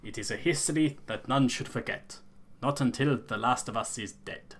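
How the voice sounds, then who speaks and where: A man's voice: mid-range voice, moderate pace, fairly bright tone, slightly rough. A man voicing a solemn old clan elder with a put-on accent, reading a game character's lines aloud. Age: older. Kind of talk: gameplay voice-over of game characters.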